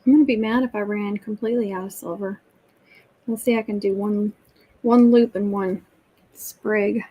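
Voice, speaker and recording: A woman's voice: medium pitch, steady tone, moderate pace, slightly rough, dull audio. A woman with a Southern American accent, chatting casually to viewers while she crafts on a livestream.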